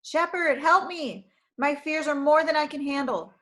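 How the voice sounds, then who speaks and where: A timid young woman, pleading and tearful, her voice lifting high and a little louder when she frets, as a woman reading a storybook puts her on. She sounds easily scared. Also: normal speed. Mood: fearful pleading.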